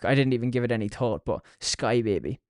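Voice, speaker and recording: A man's voice: mid-range voice, animated, a little fast, a little mellow, dry recording. Young irish guy ranting on his podcast, swears a lot, mid voice, dry room. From Ireland. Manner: sweary, mocking. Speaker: podcast host. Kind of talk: casual solo podcast chat.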